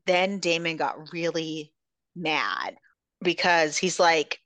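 Chatty woman recapping a book, low-ish voice. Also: slow, a bit bright, dry recording. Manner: chatty, swears freely, retells scenes with "he's like". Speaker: podcast host. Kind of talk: casual book recap chat.

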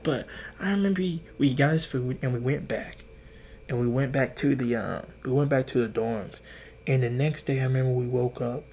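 With slight background noise, a young man in his twenties speaks in a darkish, mid-range voice at normal speed. As podcast host, he rambles through profane, casual stories, restarting and acting out the quotes.

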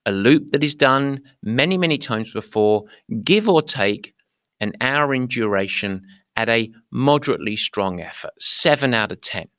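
Man as running coach and podcast host, chatty storyteller, middle-pitched, dry close mic. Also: normal speed, clear, resonant tone, dry recording. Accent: not American. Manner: lively storyteller, talks to listeners directly. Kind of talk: podcast monologue.

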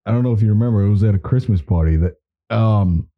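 A young man chatting casually on a podcast, telling crude, animated stories full of slang. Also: on the low side, fast talker, narrow, tinny audio. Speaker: podcast co-host. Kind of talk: casual chat.

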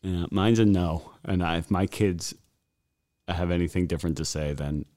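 A man's voice: deep voice, moderate pace, darkish tone. A man hosting a casual comedy podcast chat, joking around and laughing easily. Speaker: podcast host.

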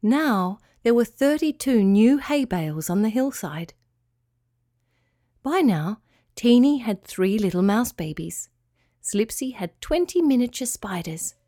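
A woman reading a children's story aloud, in a calm, clear and expressive way. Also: mid-range voice, no room sound, studio quality.

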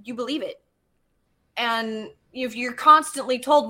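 A woman guest telling personal stories in a chatty, animated way, full of fillers and casual swearing. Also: on the high side, unhurried. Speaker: podcast guest, geologist. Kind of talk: casual storytelling.

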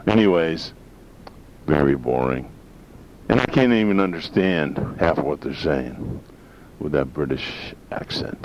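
This northern Maine man talks with an extremely deep, animated voice at an unhurried pace. He hosts a talk radio show, rambling along in a folksy, opinionated manner over dull lo-fi audio with a faint hiss.

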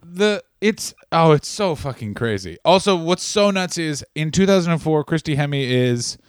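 A man's voice: a little high, expressive, moderate pace, clear, resonant tone, no room sound, studio quality. A man in his thirties co-hosting a podcast, talking in an incredulous, profane, exclaiming way. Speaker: podcast co-host. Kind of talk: casual comedic chat.

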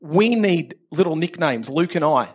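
A high-pitched man with a broad Australian accent trades jokes on a podcast, teasing his hosts and sprinkling in local slang. He talks loosely and playfully. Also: expressive, normal speed, breathy edge. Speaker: podcast guest. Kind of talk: casual chat.

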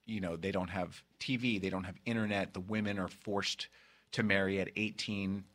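A man's voice: deep voice, fairly even intonation, moderate pace, fairly bright tone. A man in his fifties hosting a comedy podcast, chatting in a playful, campy way and cracking jokes. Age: 50s. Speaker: podcast host. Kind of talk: casual comedy podcast chat.

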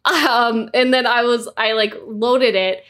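A woman co-hosting a podcast, telling stories in an animated way and swearing freely. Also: fairly high pitch, takes it slowly. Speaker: podcast co-host. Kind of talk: casual chat.

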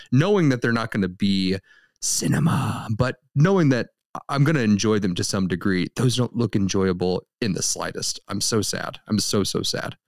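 A man co-hosting a casual film podcast, joking wryly with quick asides. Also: lowish voice, no echo, clean studio sound. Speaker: podcast co-host.

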